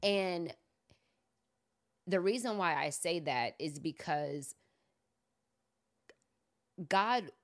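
A woman's voice: lowish voice, expressive, very slow, long pauses. A woman hosting a casual faith conversation, telling stories with animation and acting out her own past pleas. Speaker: podcast host.

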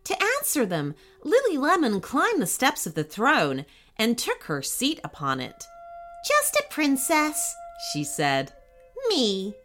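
A woman narrating a children's story in a slow, expressive way. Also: on the high side, soft background music.

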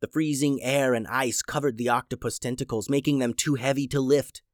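A man narrating a children's adventure story in an animated, dramatic way. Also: mid-range voice, brisk, dry recording, studio quality.

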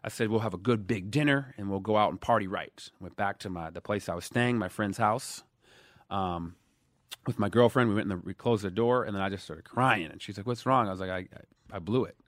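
A man in his thirties from Dallas, telling stories in a casual interview, animated, swinging between loud emphasis and quiet asides. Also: on the low side, fairly quick, no room sound, studio quality. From Dallas, USA. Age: 30s. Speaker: guest.

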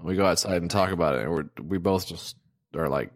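A man's voice: deep voice, a little fast. A man in his thirties co-hosting a podcast in casual chat, rambling with lots of ums and restarts. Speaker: podcast co-host.

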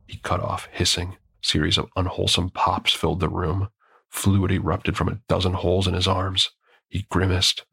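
Telling a horror story in the first person, a male narrator speaks with grim restraint in a very deep, gravelly, husky and breathy voice. His delivery is flat with a sharp tone, captured as clean studio sound with no echo.

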